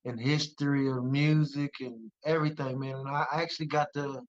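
A man's voice: medium pitch, fairly even intonation, moderate pace, highs cut off. A man from West Virginia, a musician guest, telling stories animatedly in casual conversation and laughing often.

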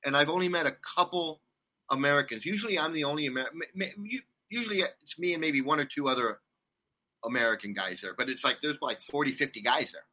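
A man in his sixties from California, a guest telling rambling, animated stories with many restarts in a casual interview. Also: a little high, quick pace. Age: 60s.

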